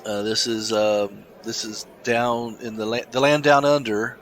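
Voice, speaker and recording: A man co-hosting a casual podcast, talking in halting starts and restarts and reading a news story aloud. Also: lowish voice, steady tone, fairly bright tone. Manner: halting, many restarts, laughs easily. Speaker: podcast co-host.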